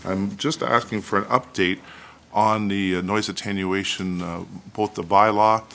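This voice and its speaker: A man's voice: on the low side, fairly even intonation, unhurried, gravelly, fairly bright tone. A man, a councillor, politely asking staff for an update during a council meeting, with frequent fillers. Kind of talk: council debate.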